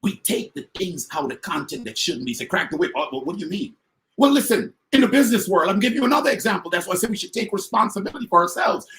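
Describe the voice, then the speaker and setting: Fired-up high-pitched motivational speaker man. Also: big pitch swings, fast talker, slight background noise. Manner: emphatic, repeats phrases, swings from loud to quiet. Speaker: motivational speaker and business coach. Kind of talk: fired-up motivational talk to an online audience.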